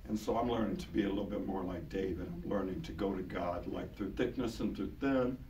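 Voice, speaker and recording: An older man with a low, hoarse voice preaches in a relaxed, conversational way, leaning on repeated words for emphasis. He is heard from some distance in a roomy, echoing church hall. The recording carries a clear layer of background noise. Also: a little fast. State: hoarse, voice partly gone. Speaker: pastor. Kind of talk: sermon. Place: large church hall with congregation. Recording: echoey hall, taken from far off, noisy.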